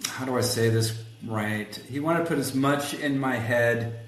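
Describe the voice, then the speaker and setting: A man tells a story in a relaxed interview, animated and a bit rough around the edges, playing every part in his quotes. His voice sits at a middle pitch. The room is roomy and echoey, with a faint hiss behind. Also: a little slow. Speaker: guest, collision shop executive.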